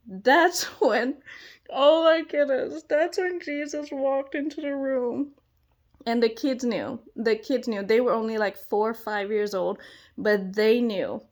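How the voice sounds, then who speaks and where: A young woman and children's church teacher giving an excited personal testimony, gushing and exclamatory, often breaking into laughter. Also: on the high side, a little slow.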